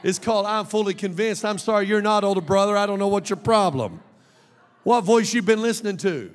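A man preaching an emphatic, animated sermon as a pastor, with bursts of shouting. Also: sits high, fairly quick. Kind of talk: lively sermon. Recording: long reverb of a large hall.

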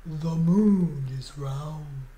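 A woman voicing a mysterious magic lizard in a storybook, speaking low, slow and solemn. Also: dark tone, reverberant.

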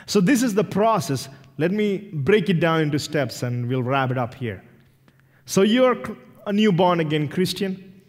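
A man from India, a pastor preaching a sermon, animated and acting out little dialogues with self-deprecating humor. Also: on the high side, normal speed. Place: church sanctuary. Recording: reverberant church hall.

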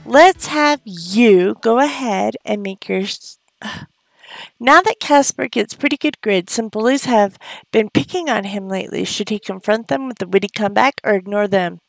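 A woman's voice: mid-range voice, normal speed, gravelly, no room sound. A woman giving casual gameplay commentary, chatty, often gasping and cooing at the game characters. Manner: gasps often. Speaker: let's play host.

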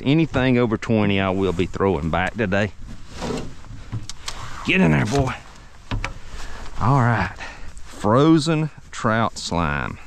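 Excitable fishing captain, slow drawl. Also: male voice, on the low side. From Gulf Coast of the United States. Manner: excitable, drawling, repeats phrases. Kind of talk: fishing vlog commentary. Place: outdoors on a boat on the water.

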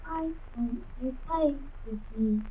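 A woman's voice: high voice, unhurried, slightly rough, soft background music. A woman voicing an eerie, clingy ghost girl in a horror game, with a distorted voice. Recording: tinny phone-like tape.

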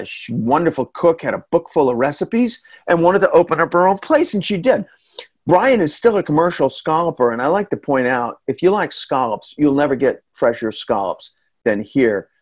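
A middle-aged man with a New England accent telling a folksy, chatty story in a casual talk, full of asides and quick questions to the listener. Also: mid-range voice. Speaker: storytelling reporter and guest speaker.

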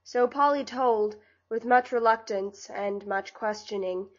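A woman reads a classic novel aloud in a measured, scripted narration. Her voice sits somewhat high. The recording is slightly dull and lo-fi. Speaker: audiobook narrator.

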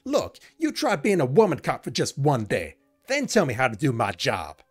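A man voicing a brash, defensive young woman police officer in a shaky put-on accent, snapping back loudly. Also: medium pitch, huge pitch swings, moderate pace, husky, soft background music. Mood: defiant. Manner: loud, snappy, exasperated.

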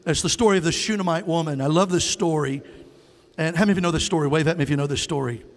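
A man's voice: a little high, very fast. A male guest preacher delivering a sermon, calling on the crowd to answer and raise their hands and acting out the scripture in quoted voices. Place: church sanctuary. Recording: long hall reverb.

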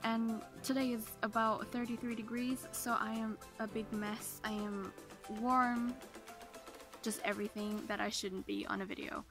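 A woman's voice: on the high side, fairly even intonation, moderate pace, over music. A sleep-deprived, exhausted woman vlogging an unboxing on her phone at home, chatty and a bit apologetic. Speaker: pet vlogger. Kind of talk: casual unboxing vlog. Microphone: phone camera.

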